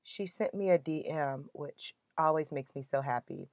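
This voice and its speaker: A woman with a low voice hosts a motivational podcast. She talks in an earnest, emotional, uplifting way. The sound is dry and close. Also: moderate pace, a little mellow, no echo. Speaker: podcast host.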